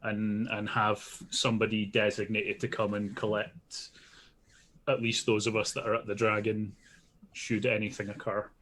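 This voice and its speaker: A man's voice: on the low side, completely flat delivery, normal speed, a bit bright. A man player in a tabletop game, talking plainly and matter-of-factly. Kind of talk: casual tabletop game chat.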